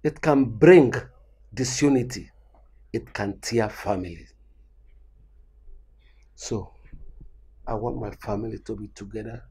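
An actor playing a remorseful father who speaks slowly and solemnly about his family. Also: medium pitch, darkish tone, breathy edge, heavily acted. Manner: slow and solemn. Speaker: family patriarch.

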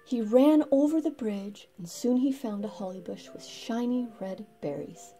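A woman reading a children's picture book aloud in a gentle, expressive way. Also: a little high, measured pace, soft background music. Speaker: storybook reader.

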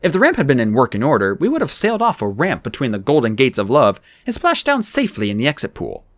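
A man narrating an adventure audiobook in the first person, with a dramatic, expressive reading. His pitch leaps around through the action beats. The recording is dry and close, with no room sound. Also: fast talker, dry recording. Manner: expressive, dramatic reading with raised character lines. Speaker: audiobook reader.

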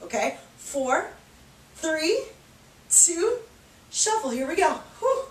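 A woman's voice: very high-pitched, sing-song, slow, echoey room, recorded from a distance, slight background noise. A woman fitness instructor leading a seated cardio class, upbeat and encouraging, counting reps while out of breath.

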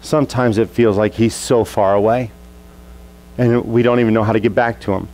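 A man preaching a sermon as a pastor, telling a childhood story and acting out the family scenes in lively voices. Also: fairly low pitch, a little fast, poor audio.

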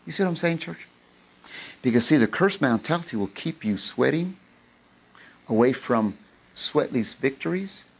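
A middle-aged man preaching a sermon, lively, acting out old conversations as he tells his story. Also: mid-range voice, normal speed, gravelly, pauses often. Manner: animated, acts out dialogue in raised voice. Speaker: pastor.

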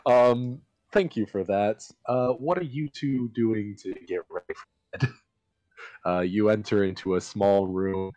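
Slow, low-voiced man running a tabletop game. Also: mellow, rough recording. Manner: laughing often, slow and hesitant with many ums. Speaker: game master.

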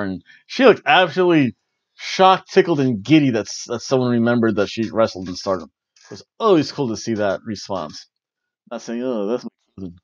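A man's voice: medium pitch, dry recording. Man rambling through a wrestling recap, lo-fi. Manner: rambling, jokey, breaks into silly voices. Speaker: podcast host reviewing wrestling. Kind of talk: casual solo recap.

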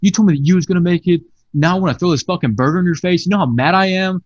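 A man playing an enraged fast-food customer, yelling loud and high and rattling off threats. The sound is dull and muffled, as if over a video call. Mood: furious. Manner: shouting, threatening.

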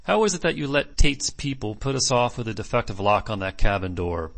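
A man voicing a stolid middle-aged sea captain who speaks in a low, earnest way and wastes no words. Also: very animated, a little fast, fairly bright tone.

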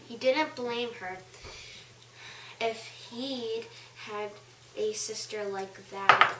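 A woman reading aloud in halting practice, stumbling and repeating words as she is corrected. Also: on the high side. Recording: echoey room, far from mic, faint noise.

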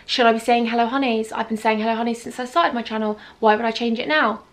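A woman's voice: a little high, steady tone, fast. A young woman from the UK talking anxiously and self-critically in a confessional vlog. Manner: anxious, self-critical, often quiet and whispery. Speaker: vlogger.

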